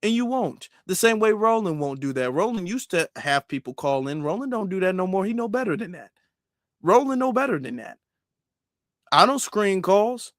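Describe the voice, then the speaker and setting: A man's voice: high-pitched, sing-song, moderate pace, fairly bright tone, no echo, clean studio sound. A man doing emphatic live-stream commentary, repeating himself and firing rhetorical questions. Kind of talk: live-stream commentary reading super chats.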